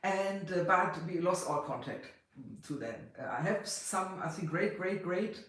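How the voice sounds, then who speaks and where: A middle-aged person from West Germany with a German accent tinged with Austrian, chatting casually on a livestream, halting and full of fillers, greeting viewers in several languages. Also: medium pitch, a bit bright. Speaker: livestream host. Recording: very echoey room.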